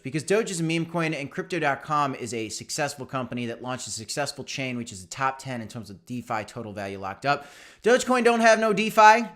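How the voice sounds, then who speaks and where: A man's voice: on the high side, a bit bright. A young man hosting a casual livestream, chatty and upbeat, reading out viewers' comments and answering them. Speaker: crypto channel host.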